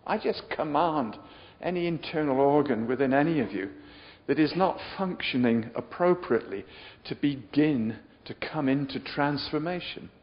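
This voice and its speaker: A man preaching a sermon in a chatty, joking way, often putting questions to his listeners. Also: on the high side. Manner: chatty, jokey, asks the audience questions. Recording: dull lo-fi sound with long hall reverb.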